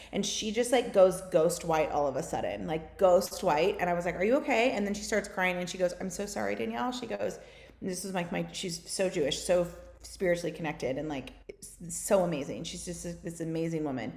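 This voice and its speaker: A woman's voice: on the low side, a little mellow. A woman in her thirties from the United States, telling stories in a casual podcast talk, full of fillers. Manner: fast, filler-heavy storytelling with many "like"s. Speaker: guest. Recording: roomy echo.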